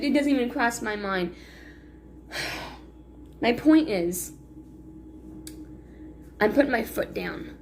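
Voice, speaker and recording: A woman talking to her viewers in a rambling, self-critical confessional vlog, full of restarts and sighs. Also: high voice. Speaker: vlogger.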